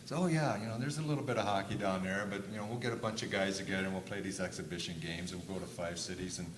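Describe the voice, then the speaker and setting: Animated older man telling stories in a roomy hall. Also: low voice, very fast, crowd noise. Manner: animated storyteller, acts out quotes loudly. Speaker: panelist. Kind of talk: storytelling on a panel. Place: conference stage. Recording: echoey room with faint noise.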